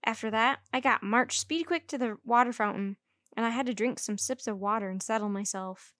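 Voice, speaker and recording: A woman reads a children's book aloud in a lively first-person narration. Her voice sits somewhat high, and the recording is dry and close, with no room echo. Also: a little fast. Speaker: storyteller.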